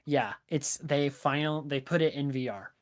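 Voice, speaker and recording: A man chatting casually as a podcast guest, telling stories in an animated way and leaning on "like" and "right?". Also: on the high side, moderate pace.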